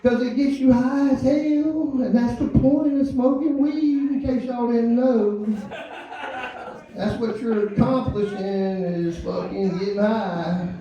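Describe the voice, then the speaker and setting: A man in his fifties tells loose, profane stand-up stories and laughs along with them. His voice is high for a man, with a dark, mellow tone. He is heard from far off the mic in a very echoey club. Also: steady tone, slow, dull audio. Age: 50s. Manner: loose, storytelling, profane, laughing at own jokes. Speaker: open-mic comedian. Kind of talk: stand-up comedy. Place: comedy club stage.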